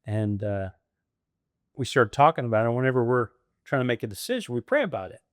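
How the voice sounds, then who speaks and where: A man's voice: medium pitch, sing-song, fairly quick, dry recording, clean studio sound. A man in his fifties from the United States, a guest telling his career story in a casual interview, acting out voices and laughing often. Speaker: franchise owner guest.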